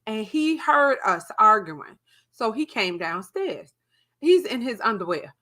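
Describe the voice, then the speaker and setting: A woman's voice: a little high, unhurried. A young adult woman co-hosting a podcast, telling a story casually, swearing freely and acting out what people said. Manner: animated, profane, acts out quotes. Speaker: podcast co-host.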